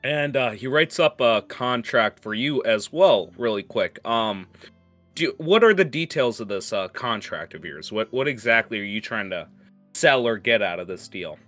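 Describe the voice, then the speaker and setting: A man's voice: mid-range voice, lively intonation, normal speed, fairly bright tone, faint music behind. A man narrating a tabletop game as game master, in a casual way with many filler words.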